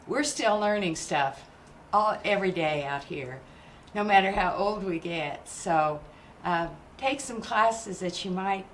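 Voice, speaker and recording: A woman's voice: medium pitch, a little hiss or hum. An older woman giving a numbered advice speech, rambling and losing count, with many "uh"s.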